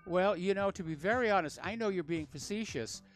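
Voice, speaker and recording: A man hosting a talk radio show, speaking in a measured, earnest way. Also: high-pitched, soft background music.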